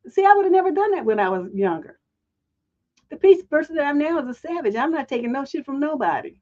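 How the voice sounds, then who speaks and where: High-voiced woman ranting, blunt and profane. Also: lively intonation, fast talker, darkish tone, lo-fi sound. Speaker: relationship coach. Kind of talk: livestream advice show.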